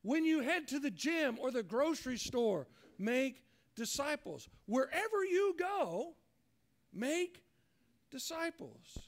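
Man, pastor, sermon, very high pitch, earnest, acts out quoted voices. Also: very animated, slow.

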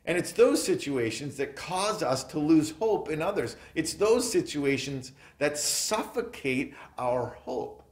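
A male pastor delivers an earnest sermon in an unhurried, deliberate cadence. His pitch rises and falls widely as he stresses key words, and his voice rings through a reverberant chapel. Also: expressive. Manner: earnest, emphatic, trails off softly at phrase ends. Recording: echoey chapel room.

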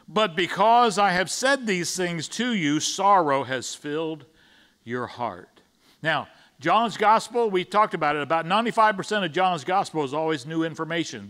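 In a church sanctuary, a pastor with a slightly high, sharp voice preaches a conversational sermon. He stumbles over restarts and acts out the disciples' side in paraphrase.

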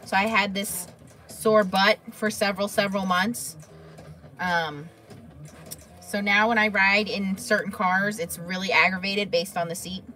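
A woman's voice: mid-range voice, steady tone, measured pace, sharp tone, a little hiss or hum. A woman hosting a crafting livestream, chatting casually and answering viewers' comments by name.

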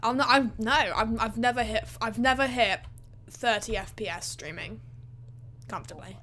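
A woman's voice: fairly high pitch, normal speed, a bit bright, slight background noise. Hyper chatty girl streamer. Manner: hyper, chatty, many fillers. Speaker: gaming streamer. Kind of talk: excited livestream chat.

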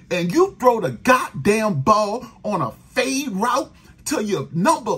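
A man's voice: high voice, wildly swooping pitch, measured pace, a bit bright, slightly rough. A man, hosting a sports podcast, venting in a profane, exasperated rant about his team. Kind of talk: angry fan rant.

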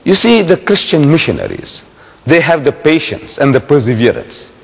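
A man's voice: on the high side, big pitch swings, normal speed, creaky. A man giving a public religious lecture, telling a story dramatically and firing rhetorical questions at the audience. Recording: long hall reverb.

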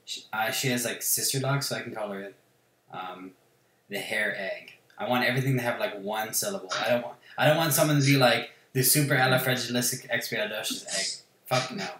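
A man chatting casually while he plays a game, rambling from one thought to the next and swearing freely. He pokes fun at himself. His voice has a middling pitch and carries a roomy echo. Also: a little fast, a bit bright. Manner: rambling, profane, self-mocking. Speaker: gaming channel host.

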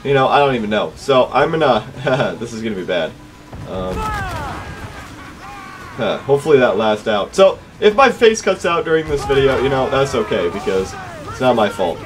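A man giving casual let's play commentary, excitable and frustrated, with outbursts and shouts at the game. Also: mid-range voice, normal speed, noisy background. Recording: game music loud behind voice. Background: game music.

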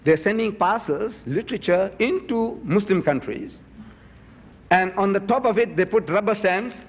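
A man's voice: high voice, animated, normal speed. A man giving an emphatic public lecture, firing rhetorical questions at his audience. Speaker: Muslim lecturer. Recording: dull recording in a reverberant hall.

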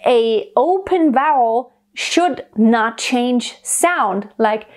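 Female vocal coach, pitch a touch high, calm step-by-step explainer for a singing lesson. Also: drawn-out words. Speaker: voice teacher.

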